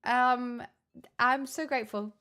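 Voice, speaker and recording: A woman streamer with a voice on the high side, steady, smooth, pushed and bright, talks at a slow pace in casual chat with viewers. Giggly and flustered, she gratefully thanks them in halting, stop-start bursts.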